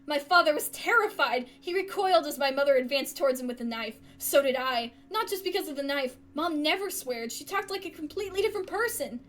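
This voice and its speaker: A woman streamer reads a story game's narration aloud with a high voice. She reads expressively and breaks in with gasps and exclamations. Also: a little fast, few pauses. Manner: expressive, gasping reactions. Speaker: gaming streamer. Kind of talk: reading a story game aloud.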